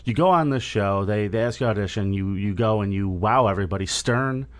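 Low-voiced joking podcast host man. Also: fairly quick. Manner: joking, blunt, swears. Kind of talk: casual podcast chat.

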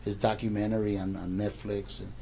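A man's voice: lowish voice, flat delivery, a little fast, gravelly, dark tone, slight background noise. A man in his sixties casually telling a rambling anecdote, stammering and repeating words as he goes.

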